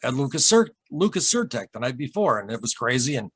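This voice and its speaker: A man recounting his own UFO encounter as an interview guest, in a halting, rambling way full of asides and restarts. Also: medium pitch, very animated, fairly bright tone, husky, no echo. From Michigan, USA. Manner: rambling, halting, with many repeated starts and asides. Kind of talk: emotional storytelling in a casual interview.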